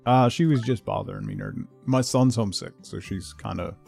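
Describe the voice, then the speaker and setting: A man streaming a video game, chatting casually, excitable and laughing often, repeating words when things go wrong. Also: medium pitch, unhurried, gravelly, slightly rough, soft background music.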